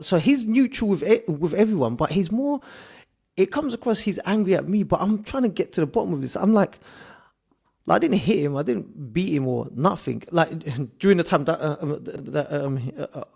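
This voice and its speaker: A man's voice: high-pitched, animated, normal speed, gravelly, a little mellow, slightly rough. A man, hosting a casual interview in a friendly, stammering way. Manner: friendly, says "bro" a lot, stammers and restarts when musing. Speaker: podcast host.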